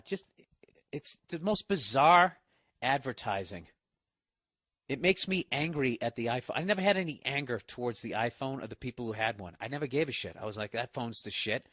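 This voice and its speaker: Bright-voiced man in a profane rant. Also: mid-range voice, no echo, clean studio sound. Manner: profane, mocking, rambling. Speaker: podcast host. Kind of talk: solo comedic podcast rant.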